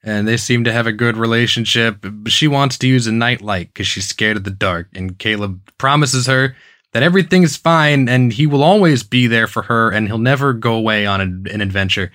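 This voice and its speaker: A man's voice: mid-range voice, a little fast, a bit bright, no room sound, clean studio sound. A man co-hosting a podcast, recapping a TV episode in a casual, sarcastic way and laughing as he goes. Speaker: podcast co-host.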